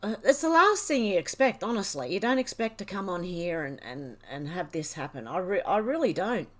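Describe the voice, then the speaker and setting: A woman's voice: lowish voice, very animated, moderate pace, a bit bright. A woman hosting a livestream, emotional and crying as she reads viewer comments aloud in casual chat. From Australia. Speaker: livestream host.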